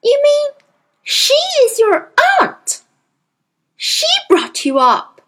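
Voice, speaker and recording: A woman voicing a bright, gentle little girl who talks eagerly and politely in a storybook reading. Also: extremely high pitch, very animated, measured pace, voice pushed up, heavily acted. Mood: earnest.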